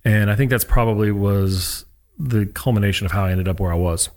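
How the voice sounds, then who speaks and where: With a lowish voice and a brisk delivery, this man tells stories as a guest in a casual interview. He's a former college pitcher and an animated storyteller who performs the quotes of the people he mentions.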